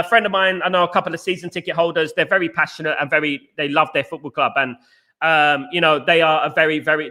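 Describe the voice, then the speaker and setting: A man hosts a casual live stream, chatting and rambling while speaking directly to his chat viewers. His voice runs on the high side and sounds pushed and bright.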